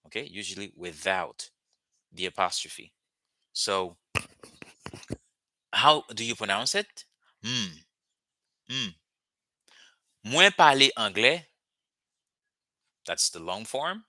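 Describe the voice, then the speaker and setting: Man teaching in bright voice. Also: fairly low pitch, sing-song, no echo. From Haiti. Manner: explains slowly with frequent "okay?" checks and restarts. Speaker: language teacher. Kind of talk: casual language lesson.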